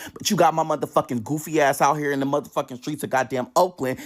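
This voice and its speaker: Animated, profane storytelling man. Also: fairly high pitch. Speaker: vlogger telling a story. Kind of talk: casual storytime monologue.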